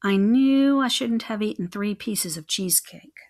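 A woman reading a children's chapter book aloud as a first-person narrator, in a lively, expressive storytelling manner. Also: mid-range voice, normal speed. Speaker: audiobook narrator.

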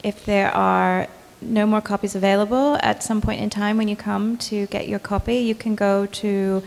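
A woman's voice: medium pitch, fairly even intonation, moderate pace, vocal fry. A woman editor answering audience questions at a book launch, hesitant and full of fillers and restarts. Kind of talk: public talk Q&A answers. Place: gallery event space. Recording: long reverb in a hall with faint ambience.

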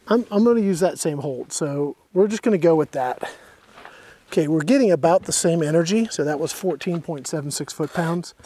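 A man with a slightly raised, breathy voice hosts an outdoor review, a little winded. He talks through each step in a relaxed, casual way. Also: a little high. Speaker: airgun reviewer.

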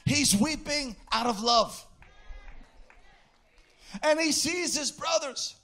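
A man preaching a sermon in an impassioned way, bursting into shouts and sing-song phrases. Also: very high-pitched, expressive, slow.

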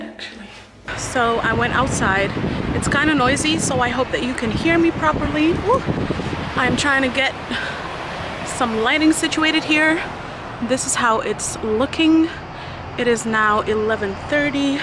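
Woman vlogger talking casually to her viewers, kinda high voice, chatty and relaxed. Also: unhurried, noisy background. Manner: chatty, informal, addresses viewers as guys. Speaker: beauty vlogger. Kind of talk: casual chat to camera.

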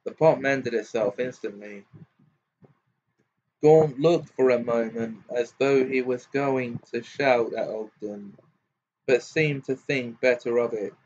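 Guy reading a story out loud, really slow, muffled lo-fi sound. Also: medium pitch, a little hiss or hum. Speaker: audiobook reader.

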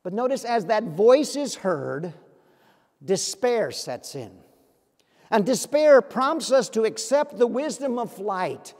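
Male pastor, earnest sermon delivery, high voice, long church echo. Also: lively intonation, slow pace, darkish tone. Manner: earnest, with pointed rhetorical questions. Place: church sanctuary.

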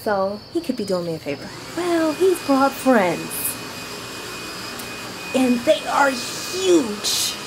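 A high-voiced woman tells her camera a nervous story, her tone swinging up and down in a lively way. She talks slowly and chattily, filming handheld on her front porch at night. Loud crickets chirp all around her. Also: noisy background. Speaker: vlogger. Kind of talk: casual vlog.

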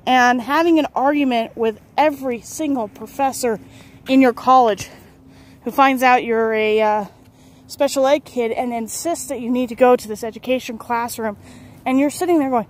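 A woman's voice: on the high side, moderate pace. A young adult woman telling a personal story to camera, candid and rambling, often laughing and correcting herself. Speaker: vlogger.

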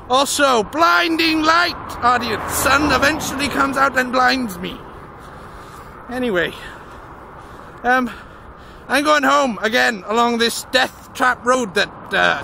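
A young man vlogging while walking along a road, talking loudly and jokily and shouting at the wind. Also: very high voice, gravelly. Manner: loud, silly, jokey, shouts at the wind and cars. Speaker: gaming vlogger. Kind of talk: rambling outdoor vlog. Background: wind and passing traffic.

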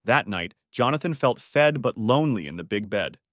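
A man narrating a dramatic audiobook story in an expressive voice, close to the microphone. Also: medium pitch, normal speed, dry recording.

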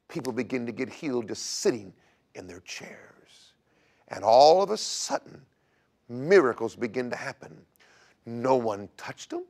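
A man guest-hosting a Christian broadcast, telling a church history story like a sermon, swinging between loud emphatic bursts and hushed near-whispers. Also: medium pitch. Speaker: guest host. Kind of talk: preaching history talk.

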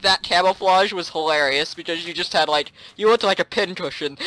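Giggly, lively-voiced male gamer. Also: high-pitched, normal speed, no echo. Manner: giggly and playful, frequent laughter. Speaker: gameplay commentator. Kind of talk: casual gaming chat.

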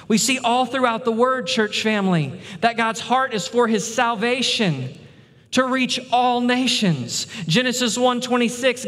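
A man's voice: sits high, fairly bright tone. Male pastor, sermon delivery, emphatic repetition; long hall reverb. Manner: emphatic preaching, repeats words for stress. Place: church sanctuary.

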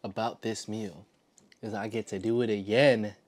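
A man vlogging casually as he eats a meal, excited and often talking with his mouth full. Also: lowish voice, moderate pace. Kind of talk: casual eating vlog.

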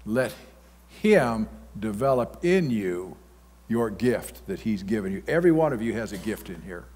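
Preaching in a large church hall, a male pastor speaks a little slowly in a lowish, husky and very animated voice. He delivers his sermon in a folksy, blunt manner, breaking into sudden loud outbursts, with long hall reverb on the recording.

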